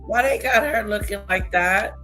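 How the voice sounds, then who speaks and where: A woman's voice: mid-range voice, normal speed, fairly bright tone, faint music behind. A woman hosting a reaction video, reacting with exclaiming, incredulous asides. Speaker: reaction channel host. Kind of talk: casual reaction commentary.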